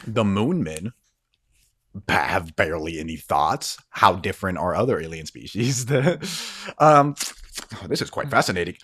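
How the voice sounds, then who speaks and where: A man's voice: deep voice, lively intonation, moderate pace, a bit bright, breathy edge. A man narrating as game master of a tabletop role-playing game, rambling with many fillers and frequent laughs.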